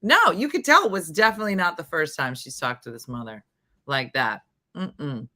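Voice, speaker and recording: Low-pitched and at a normal speed, a woman hosting a morning show chats in a relaxed way and tells a story, animatedly acting out the voices she quotes.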